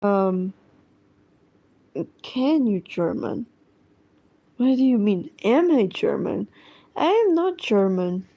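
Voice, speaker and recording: A woman's voice: mid-range voice, animated, takes it slowly, long pauses, warm tone, lo-fi sound. A woman chatting casually while she draws, rambling along with lots of fillers and trailing thoughts. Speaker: drawing streamer. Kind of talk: casual chat while drawing.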